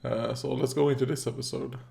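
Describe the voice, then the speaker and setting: A man's voice: medium pitch, little pitch movement, brisk, gravelly, dark tone. A man hosting a reaction video, chatting casually as he watches, rambling with fillers, coughing now and then and talking back at the screen. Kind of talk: casual commentary while watching.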